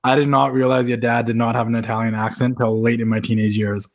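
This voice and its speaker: Fast-talking excitable male host. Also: medium pitch. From Canada. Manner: excitable, laughing, rambling asides. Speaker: podcast host. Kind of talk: casual interview chat.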